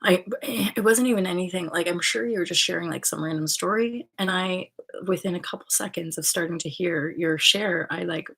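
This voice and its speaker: A woman's voice: fairly low pitch, brisk, gravelly, a bit bright, slightly rough. A woman hosting her own channel, talking in a rambling, casual spiritual monologue full of fillers, restarts and swearing. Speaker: channel host.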